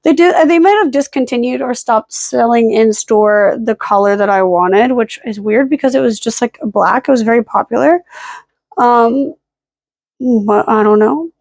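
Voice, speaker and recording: Casual vlogger, woman, a bit high-pitched, rambling and self-mocking, dry close sound. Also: moderate pace, a little mellow, dry recording. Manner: rambling, self-deprecating, with frequent "like" and "um" fillers. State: hiccuping and burping. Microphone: camera held at arm's length.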